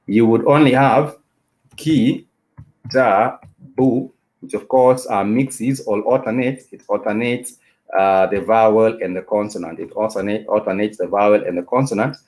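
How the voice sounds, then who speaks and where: Man, low-pitched voice, live-stream language teacher, patient, repetitive, lots of fillers, spells words out. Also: darkish tone. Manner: repetitive, explanatory, many "uh" and "you know" fillers; spells out letters and repeats words slowly. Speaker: Swahili teacher.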